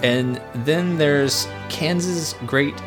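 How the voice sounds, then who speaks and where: A man's voice: a little high, drawn-out words, over music. A man co-hosting a podcast, telling a story in a rambling, casual way with restarts and laughs. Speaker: podcast co-host.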